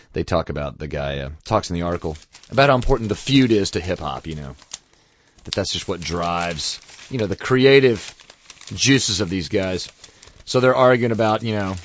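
Low-voiced rambling man, dull dry recording. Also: dry recording. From United States. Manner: rambling, chuckling, lots of fillers. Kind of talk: casual monologue.

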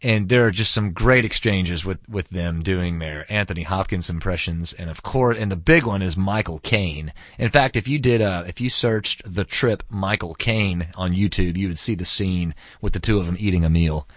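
A man's voice: sits low, moderate pace, hardly any pauses, a bit bright, dry recording, muffled recording. A man from Texas hosting his podcast in a rambling, chatty way, recorded in a studio. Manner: chatty and rambling, many fillers. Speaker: podcast host. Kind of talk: casual podcast monologue.

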